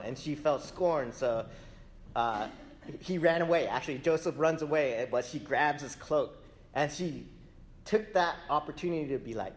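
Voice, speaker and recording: A man giving a casual sermon, retelling a scripture story with lively, acted-out dialogue. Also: fairly high pitch, normal speed. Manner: animated storytelling, acts out quoted characters.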